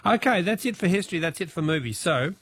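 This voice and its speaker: Brisk Australian man hosting a radio quiz. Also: high voice, lively intonation, a bit bright, dry recording. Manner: brisk, reads questions and caller names. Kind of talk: live radio quiz with callers.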